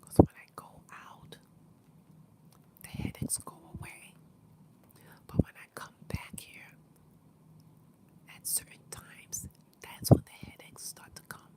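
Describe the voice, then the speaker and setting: A woman with laryngitis talking in a whisper with her mouth close to the mic, chatting casually on a livestream with many pauses and fillers. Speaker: livestream host.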